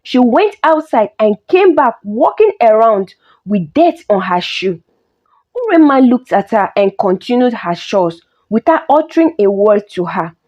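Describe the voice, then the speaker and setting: A woman narrating a folk story in an expressive storytelling way. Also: a little high, unhurried. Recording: dull lo-fi recording.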